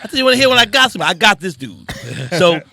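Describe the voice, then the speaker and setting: A man's voice: sits high, fairly quick, gravelly, a little hiss or hum. A comedian in his fifties telling a story in casual talk, acting out what people said. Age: 50s. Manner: animated storyteller acting out quotes. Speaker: stand-up comedian.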